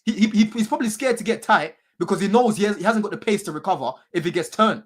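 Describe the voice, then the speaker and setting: A man's voice: sits high, fast. A man, casually talking football on a fan podcast, slangy and given to swearing and repeating himself. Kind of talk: casual banter.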